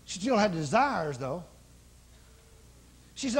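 High husky preacher guy, all fired up, big echoey hall. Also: sing-song. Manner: fervent, shouting praise, rapid calls to come forward. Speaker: evangelist. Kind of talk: revival sermon with healing prayer. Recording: live in a large hall with long reverb.

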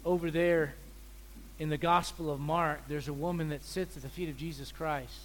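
A visiting preacher, a man giving a sermon in an animated, joking way, acting out little scenes. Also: a little high, moderate pace, slight background noise. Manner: animated, joking, acts out voices.

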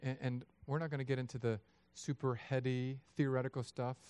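A man in his thirties preaching a sermon, lively and acting out voices of God and people in his story. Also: mid-range voice, a little fast, clear, resonant tone, no echo. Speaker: pastor.

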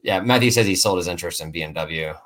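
A man with a fairly low voice hosts a relaxed sports podcast chat. He talks loosely and jokily, often laughs, and trips over and repeats words as he goes. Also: very fast. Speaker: podcast host.

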